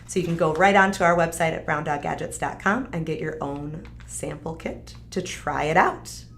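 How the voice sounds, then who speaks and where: Her voice sits low, with vocal fry and a touch of brightness, at a moderate pace; a little hiss or hum is audible. She hosts a live stream, giving an upbeat, chatty, filler-heavy demo of a craft kit.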